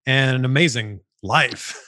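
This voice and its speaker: A man's voice: mid-range voice, unhurried, no echo, clean studio sound. A man hosting an interview, thanking his guest and wrapping up with appreciation. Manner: warm, appreciative sign-off. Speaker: interview host. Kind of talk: interview host.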